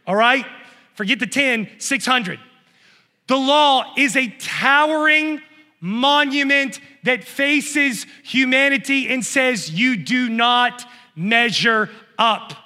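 A man preaching a fervent sermon, building up to shouts and calling out to the congregation. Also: very high voice, long reverb tail.

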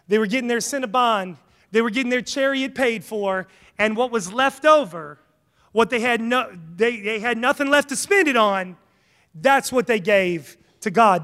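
A man preaching a sermon, conversational and animated, mixing jokes and acted asides into his points. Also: very high voice. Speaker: pastor. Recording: hall reverb.

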